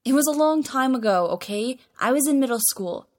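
A woman's voice: high-pitched, expressive, fairly quick, pitched above the performer's own voice. A woman voicing a flustered, sarcastic teenage boy who snaps back defensively, in a spoken story reading.

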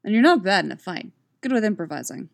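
A woman's voice: mid-range voice, big pitch swings, fast, gravelly. Brief: curt, grumbling male coach , a woman reading him. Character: adult man, gruff martial arts coach.

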